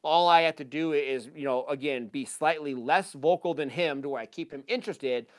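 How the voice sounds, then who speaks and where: Energetic man giving a casual hunting talk. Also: a little high, normal speed. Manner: casual, energetic, full of fillers. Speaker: hunting seminar presenter. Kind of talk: live talk to an audience.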